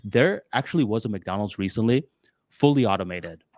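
A low-voiced man, co-hosting a podcast, rambles casually through a relaxed debate, talking fairly quickly and stuffing his speech with "like" and "dude." He's animated and jumps to a higher pitch when voicing other people. The studio recording is clean, with no echo.

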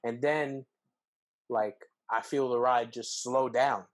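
Young man telling an animated story. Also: takes it slowly. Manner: animated, acts out quotes with pitch jumps, heavy fillers. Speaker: podcast co-host. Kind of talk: casual storytelling.

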